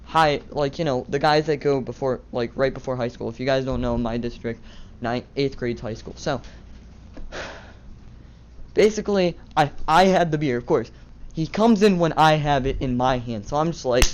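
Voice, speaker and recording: A man's voice: fairly high pitch, moderate pace, clear, resonant tone. A teenage boy vlogger tells a casual, rambling story, swearing and laughing at himself.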